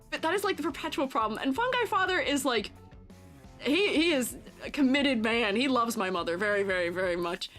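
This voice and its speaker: A young woman with a high, bright voice that leaps all over as she tells a rambling story on stream. She laughs often and throws herself into acting out the people in it. Faint music plays behind her. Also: animated, a little fast.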